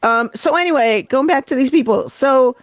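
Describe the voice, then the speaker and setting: A woman's voice: high voice, moderate pace, no room sound. A middle-aged woman hosting a podcast, chatting in a rambling way and swearing freely. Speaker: podcast host. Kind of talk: casual chat.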